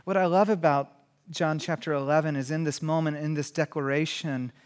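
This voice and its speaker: A man delivers a sermon in a fairly high voice, dropping to hushed, nearly whispered lines before building to loud, impassioned shouts. The sound carries a long reverb, as in a large church sanctuary. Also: steady tone, fairly quick, smooth. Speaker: pastor.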